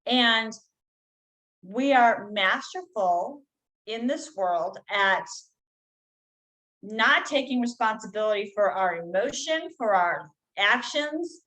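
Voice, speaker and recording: A middle-aged woman guest on a podcast, talking in an earnest coaching tone and slowing down to stress key phrases. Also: a little high, animated, pushed and bright, poor audio. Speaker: guest healer. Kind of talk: conversational podcast interview.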